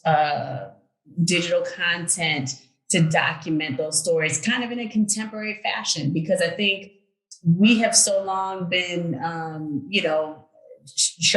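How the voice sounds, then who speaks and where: A woman's voice: lowish voice, reverberant, rough recording. A woman moderating a panel discussion in an easy, conversational way. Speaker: panel facilitator.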